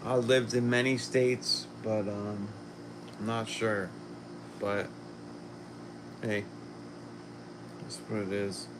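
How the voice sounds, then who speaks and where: Slow, rambling man on a livestream. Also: fairly low pitch, little pitch movement, background noise. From Philadelphia. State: a little sick. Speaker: livestream host. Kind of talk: casual livestream chat reading comments.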